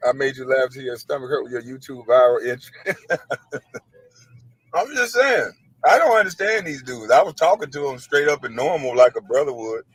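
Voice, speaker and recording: A man calmly explaining his side, blunt, matter-of-fact and frustrated. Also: mid-range voice, normal speed, breathy edge, dry recording, rough recording. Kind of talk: casual self-defending explanation.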